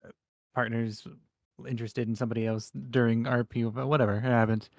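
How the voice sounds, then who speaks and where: A man co-hosting a casual live stream, talking in halting, rambling restarts. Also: medium pitch, flat delivery, darkish tone, no room sound, clean studio sound.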